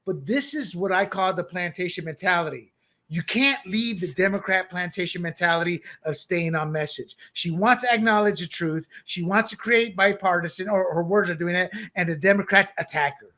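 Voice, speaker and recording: A man with a high, bright voice co-hosts a political talk show. He is opinionated and animated, and he keeps bursting into loud, mocking quoted voices. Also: normal speed. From born abroad, country once under dictators. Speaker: podcast co-host.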